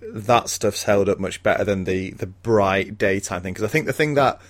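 A man with a low voice chats casually about films on a podcast. He laughs often and hesitates with plenty of ums. He sounds like he is in his thirties. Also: moderate pace. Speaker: podcast co-host. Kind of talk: casual film podcast chat.

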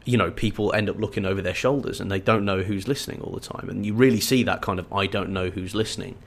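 A man co-hosting a casual book-discussion podcast, chatty and animated. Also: lowish voice, quick pace. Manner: chatty, animated, with frequent fillers and restarts. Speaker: podcast co-host.

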